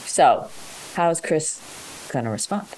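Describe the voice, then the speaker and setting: A woman's voice: low-pitched, expressive, slow pace, darkish tone, slight background noise. A woman hosting a call-in show and coaching a caller on workplace communication, talking with energy and acting out sample dialogues.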